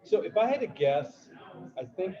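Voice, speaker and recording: A man's voice: high-pitched, big pitch swings, moderate pace. A man appearing as a podcast guest in casual chat, easygoing and agreeable, chiming in with short replies and chuckles. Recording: dull sound with crowd chatter.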